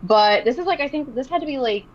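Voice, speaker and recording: A woman's voice: quick pace, muffled recording, a little hiss or hum. A woman artist chatting casually on a stream, telling stories animatedly and acting out what people said. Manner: animated, acts out quotes in a high excited voice. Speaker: artist guest. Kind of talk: casual storytelling chat.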